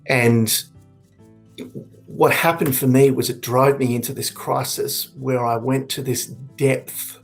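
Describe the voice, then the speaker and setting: A man in his forties giving candid, earnest personal testimony, reflective and halting with frequent restarts. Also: mid-range voice, fairly even intonation, creaky, faint music behind. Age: 40s. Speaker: suicide prevention speaker.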